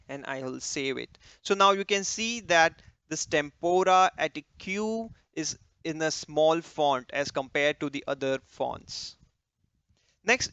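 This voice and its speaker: A man teaching a coding tutorial over a screen recording, talking while he types and trailing off quietly as he edits, with small restarts and slips. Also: fairly high pitch, clear, resonant tone, no room sound, muffled recording. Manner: talks while typing, trails off softly during edits. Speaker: coding instructor.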